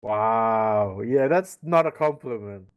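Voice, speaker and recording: A man co-hosting a live reaction to an animated series, in casual chat, laughing often. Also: lowish voice, takes it slowly, clear, resonant tone. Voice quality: laughs often, chatty and playful.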